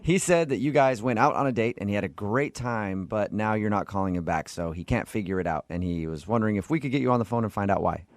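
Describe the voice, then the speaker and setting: A man's voice: fairly low pitch, quick pace, few pauses, no echo. A man hosting a radio talk show, playful and teasing in manner. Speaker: radio host.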